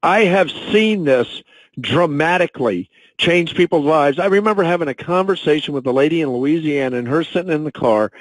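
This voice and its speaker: A man speaks with an earnest, storytelling manner in a motivational corporate talk. His voice sits somewhat high for a man. The sound is close and dry, with no room around it. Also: lively intonation, no echo, rough recording. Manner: emotional, storytelling, slows down when moved. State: choked up. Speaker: national sales and training director. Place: conference call.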